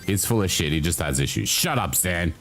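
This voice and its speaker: A deep-voiced man with an Australian accent chats casually with his livestream audience, his pitch swinging animatedly up and down. He reads the chat aloud, swears freely and laughs often, with faint music playing behind him. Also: expressive, fairly quick, fairly bright tone. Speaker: livestream host.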